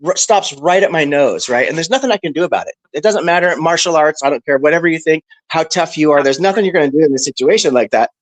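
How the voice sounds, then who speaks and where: A man on a discussion panel telling a story casually, animated and profane, with lots of "bro" and "right". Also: fairly high pitch, quick pace, hardly any pauses, no room sound, low-quality recording.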